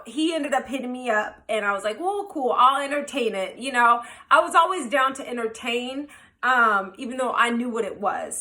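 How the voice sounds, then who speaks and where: A woman telling a personal story to her camera, candid and animated. Her voice sits high and has a bright, forceful edge. She talks casually and swears freely.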